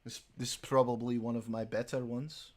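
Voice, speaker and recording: A man speaking in a put-on Scottish accent, relaxed and pleased with himself. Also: mid-range voice, normal speed, natural voice.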